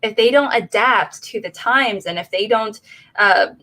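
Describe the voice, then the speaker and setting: A woman's voice: a little high, a little slow, pushed and bright. A woman co-hosting a casual movie chat who talks hesitantly, full of fillers and restarts. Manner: hesitant, many fillers like "you know" and "uh". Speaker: co-host.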